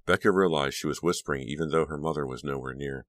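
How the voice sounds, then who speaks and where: A man narrating an audiobook in a measured, even storytelling manner. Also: rumbling low, no room sound, studio quality.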